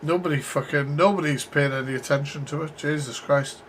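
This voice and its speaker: A man's voice: on the high side, a little fast, a little hiss or hum. A man from the UK reacting to clips on a live stream, blunt and swearing as he talks to his chat.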